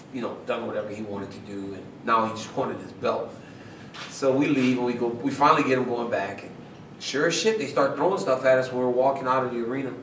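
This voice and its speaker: Animated man telling a story, roomy room. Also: mid-range voice, far from the mic, a little hiss or hum. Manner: animated, laughing, acts out quotes. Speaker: fighter being interviewed. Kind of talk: casual storytelling in a media scrum.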